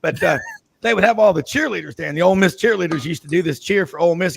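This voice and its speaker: Sports radio host, man, gravelly and jokey, rambles into tangents. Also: high voice, fast talker, slight background noise. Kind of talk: casual radio roundtable chat.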